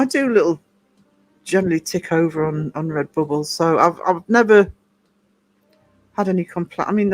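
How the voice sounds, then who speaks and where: A man with a high-sitting voice hosts a casual livestream, rambling through viewer comments with plenty of ums and restarts. He's the stream's host and a small publisher, heard in a dry recording.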